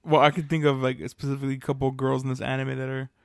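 A man co-hosting a casual anime review chat, relaxed and hesitant, often trailing off. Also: mid-range voice, racing, creaky, clear, resonant tone, no echo, studio quality. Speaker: podcast co-host.

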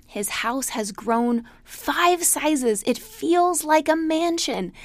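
A woman's voice: medium pitch, no room sound. A middle-aged woman teaching a class, chatting casually and telling a story with frequent laughs. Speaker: class instructor. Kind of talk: casual spoken lecture.

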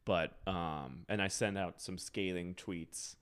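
A man's voice: low voice, slow, fairly bright tone, clear, resonant tone. Laughing young man telling rambling stories. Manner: rambling storyteller, laughs often. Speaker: guest. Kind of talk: casual podcast chat.

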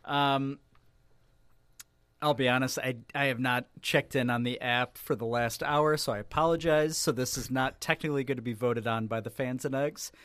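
Dry, bright-voiced male sports podcaster. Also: mid-range voice, normal speed, smooth, dry recording. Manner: wry, deadpan delivery with bursts of laughter. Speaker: podcast co-host. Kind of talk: casual sports chat.

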